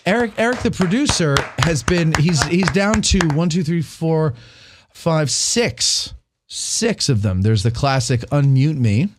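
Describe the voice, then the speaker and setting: A man's voice: fairly high pitch, unhurried, background noise. A man hosting a casual talk show, teasing his guests and joking around. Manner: animated, teasing, plays soundboard clips. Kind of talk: casual studio chat.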